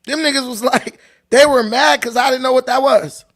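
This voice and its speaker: This livestream host from Long Beach, California has an extremely high pitch and a slightly bright tone, moving at a moderate pace. He tells casual stories in a loose, laughing, profane way.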